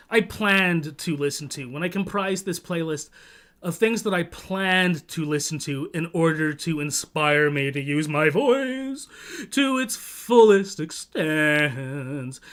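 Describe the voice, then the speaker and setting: A man's voice: fairly high pitch, a bit bright. A man from Toronto hosting a livestream, rambling casually with lots of swearing and restarts. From Toronto, Canada. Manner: rambling, profane, self-interrupting. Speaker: livestream host. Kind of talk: casual chat.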